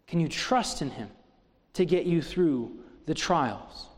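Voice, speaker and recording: A man's voice: on the high side, expressive, slow pace, big-room sound. A middle-aged man preaching a sermon as pastor, driving home his points with strings of rhetorical questions.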